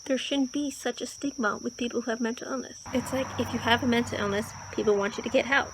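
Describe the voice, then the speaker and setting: A woman's voice: fairly high pitch, fairly even intonation, quick pace, noisy background. A woman vlogging casually about a book she is reading, earnest and getting worked up as she talks. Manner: earnest, gets worked up when discussing the book. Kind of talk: casual vlog talk to camera.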